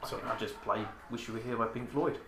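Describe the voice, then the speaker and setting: A man's voice: medium pitch, fairly even intonation, fast. A man hosting a podcast in casual chat, teasing and dry with crude banter. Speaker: podcast host. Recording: echoey noisy room.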